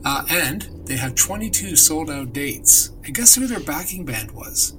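A man from Canada co-hosting a casual chat about music history, enthusiastic and quick to laugh. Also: fairly high pitch, very animated, background noise. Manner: enthusiastic, storytelling, laughs often. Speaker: co-host.

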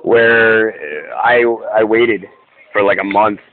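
A man's voice: lowish voice, flat delivery, takes it slowly, faint music behind. A Canadian man co-hosting a podcast, talking in a wry, opinionated, rambling way with lots of fillers. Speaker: podcast co-host. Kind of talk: casual banter. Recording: tinny lo-fi line with faint hiss.

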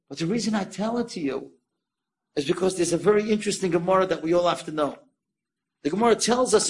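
A man, a rabbi, telling a story in a sermon, animated and climbing into excited exclamations. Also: high-pitched, slightly rough.

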